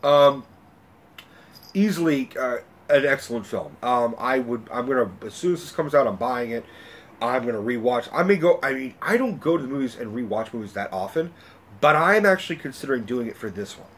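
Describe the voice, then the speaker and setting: A man's voice: mid-range voice, animated, a little fast, a bit bright, a little hiss or hum. A man vlogging a film review as a casual, profane rant, rambling and talkative with lots of filler words.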